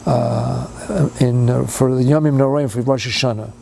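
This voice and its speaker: A man's voice: mid-range voice, fairly even intonation, normal speed, vocal fry, dark tone, slight background noise. An older man giving a storytelling sermon in English sprinkled with Yiddish and Hebrew words, building to emphatic, fervent passages. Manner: retells a story with rising, emphatic fervor. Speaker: speaker giving a Torah talk.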